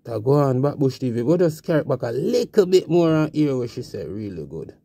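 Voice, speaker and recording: A man's voice: medium pitch, very animated, fairly quick, dark tone, slightly rough, no echo. A man hosting a commentary vlog, remarking on a clip in a laid-back way and repeating his channel name. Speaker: channel host.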